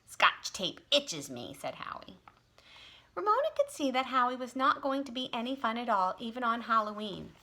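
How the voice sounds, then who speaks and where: A woman tutor reading a children's storybook aloud in an expressive way. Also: a little high, brisk. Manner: expressive, animated.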